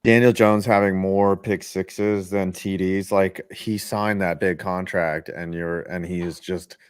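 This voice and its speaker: Male podcast co-host, lowish pitch, stop-start delivery, dry recording. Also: fairly even intonation, clean tone, no echo. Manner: halting, repeats words, gloomy jokes. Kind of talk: casual sports chat.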